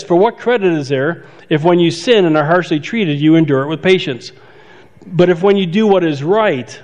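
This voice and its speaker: A pastor giving a conversational sermon, stopping to restart phrases and add asides. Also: male voice, a little high, darkish tone. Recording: dull sound with long hall reverb.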